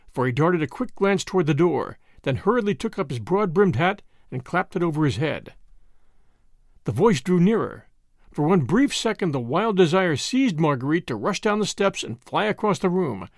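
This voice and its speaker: A man hosting and narrating a classic novel as an audiobook, in measured, expressive storytelling. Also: fairly high pitch, dry recording, clean studio sound. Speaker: host and narrator.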